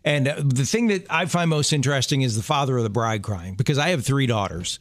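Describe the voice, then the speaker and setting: A man's voice: mid-range voice, expressive, brisk, no room sound, studio quality. A middle-aged man co-hosting a show, joking in laid-back banter. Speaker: radio show co-host. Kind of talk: casual chat.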